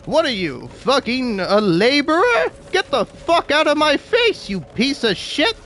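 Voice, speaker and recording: A man's voice: very high voice, very animated, unhurried, a bit bright, slight background noise, voice pushed up, exaggerated voice. A man voicing a pompous, profit-obsessed male corporate boss with a haughty, theatrical manner and crude outbursts. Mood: scornful.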